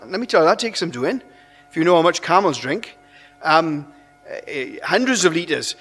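A man preaching a sermon in an animated, conversational way, restarting phrases, with long hall reverb. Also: on the high side, moderate pace, breathy edge, soft background music.

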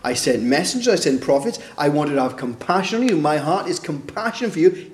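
A man preaches in a slightly high voice, with an easy, chatty delivery full of rhetorical questions. His voice rings around an echoey hall. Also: animated, fairly quick, few pauses, a little hiss or hum. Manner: conversational, rhetorical questions, acts out quoted voices. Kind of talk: sermon. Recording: echoey room.

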